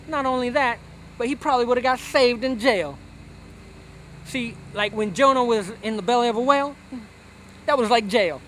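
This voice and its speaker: A man's voice: extremely high pitch, moderate pace, long pauses, a bit bright, slight background noise. A man giving a brash, slangy comic sermon, lecturing listeners in a preachy rant. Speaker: satirical preacher character.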